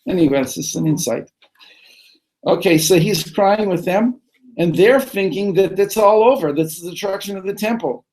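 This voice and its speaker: A man leads a text study lesson in a study hall. His voice sits a little high for a man. He reads the source phrase by phrase and translates as he goes, often repeating and restarting words. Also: normal speed, darkish tone. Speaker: rabbi teaching a text class.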